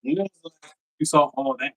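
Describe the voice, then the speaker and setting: A man's voice: on the high side, quick pace, fairly bright tone, dry recording, poor audio. Man, co-host, dry close sound, interrupts, argues back, casual chat.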